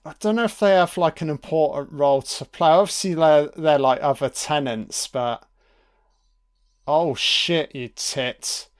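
A man's voice: fairly high pitch, unhurried, smooth. A man giving casual, chatty film commentary, amused and sweary.

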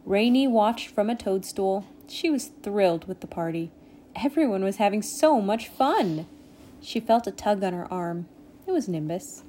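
A woman reading a children's storybook aloud in a gentle, expressive way. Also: medium pitch, normal speed, slight background noise. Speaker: storybook reader.

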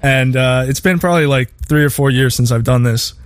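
A man's voice: mid-range voice, brisk, no echo, clean studio sound. A man hosting a casual podcast chat, telling anecdotes and chuckling often as he goes. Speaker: podcast host.

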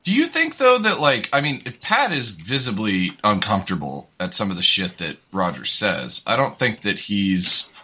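A man's voice: lowish voice, sing-song, normal speed, hardly any pauses, bright, forceful tone, husky. A man chatting about sports on a podcast, hesitant and hedging as he speaks. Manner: hesitant, hedging, full of fillers. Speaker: podcast co-host. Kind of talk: casual sports chat.

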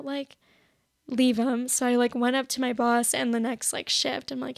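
A young woman talks through a personal story on her podcast. Her voice sits high and runs into gravelly fry, and she keeps saying "like" as she acts out what she said back then. It is recorded close on a dry mic with no room around it. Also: little pitch movement, normal speed, no echo. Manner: chatty, heavy "like" filler, acts out her own past lines. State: shaky, emotional. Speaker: podcast host. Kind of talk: casual confessional monologue.

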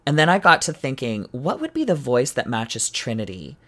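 A podcast co-host in casual chat, chatty and quick to laugh. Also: mid-range voice. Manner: chatty, animated, laughs often.

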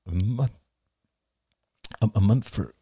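A man voicing Ian, a gruff young man who sounds uneasy and startled. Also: mid-range voice, huge pitch swings, a little slow, no echo, clean studio sound, pitched above the performer's own voice.

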